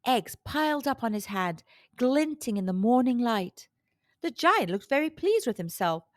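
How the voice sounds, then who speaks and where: Reading a children's story aloud, a woman speaks slowly and with plenty of expression, her rather high voice rising and falling widely. It's captured close up and dry, without any room sound.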